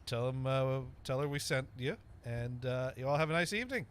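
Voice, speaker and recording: A man's voice: mid-range voice, expressive, fairly quick, slight background noise. A man hosting a live stream, chatting casually, joking and laughing often. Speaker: stream host.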